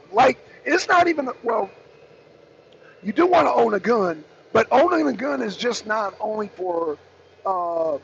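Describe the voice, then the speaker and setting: Hoarse man, high gravelly voice, casual stream host, chatty, clears throat a lot. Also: slight background noise. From Southern US. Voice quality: raspy, gravelly. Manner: chatty, addresses viewers as y'all, clears throat often. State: hoarse, losing his voice. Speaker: talk show host. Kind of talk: casual livestream commentary. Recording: dull lo-fi stream audio.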